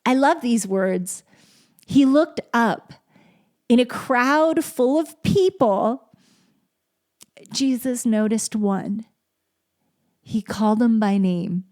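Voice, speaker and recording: Slow, mellow-voiced woman podcast host. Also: a little high. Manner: heartfelt, gentle, turns emotional and tearful. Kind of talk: reflective solo podcast talk.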